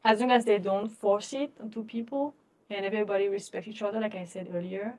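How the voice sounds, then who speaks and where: A young woman co-hosting a podcast, talking in a relaxed, reflective way with many "you know"s and "like"s. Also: medium pitch, quick pace. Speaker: podcast co-host. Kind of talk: casual conversation.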